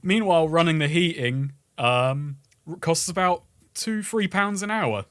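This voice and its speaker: A man's voice: on the high side, measured pace, a bit bright, dry recording. Enthusiastic male co-host, dry close sound. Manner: enthusiastic, hesitant fillers. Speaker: podcast co-host. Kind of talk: casual chat.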